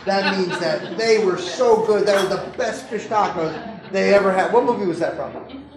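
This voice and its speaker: High-voiced man lecturing in an echoey room. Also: normal speed, crowd noise. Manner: conversational, jokey, keeps asking the audience questions. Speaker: doctor giving a lecture. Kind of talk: informal medical lecture to an audience. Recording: roomy echo with faint background noise.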